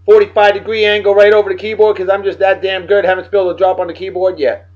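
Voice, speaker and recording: A man's voice: high voice, little pitch movement, quick pace. Jokey New man hyping friends. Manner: boisterous, jokey, slangy hype. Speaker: host. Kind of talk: casual video show shout-outs. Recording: dull lo-fi sound with faint music.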